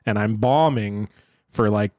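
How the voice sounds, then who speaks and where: A man's voice: lowish voice, measured pace, a little mellow, no echo, clean studio sound. A man in his thirties, a comedian chatting casually on his podcast and telling wry, self-deprecating stories. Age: 30s. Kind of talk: casual chat. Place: recording studio.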